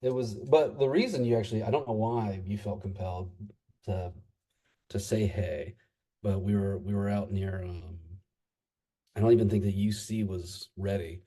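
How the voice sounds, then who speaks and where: A man in his thirties from the United States talks as a guest on a conversational podcast. His voice sits fairly low and has a mellow, dark tone. He talks in a halting way, stopping often for fillers and restarts as he recalls things. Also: steady tone, breathy edge. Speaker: interview guest. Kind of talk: casual conversation.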